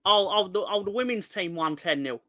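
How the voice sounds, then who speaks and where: Bright, chatty man. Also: high voice, animated, fairly quick, no room sound. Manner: rambling, jokey, sweary banter with chat. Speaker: fan channel host. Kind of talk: casual live-stream chat.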